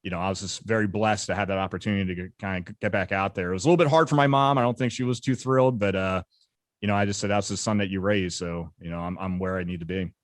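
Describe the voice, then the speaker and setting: A man in his thirties, an interview guest telling combat stories briskly, acting out the dialogue. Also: low voice, fairly even intonation, no echo, studio quality. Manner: brisk, vivid war storytelling with quoted dialogue. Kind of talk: casual storytelling interview.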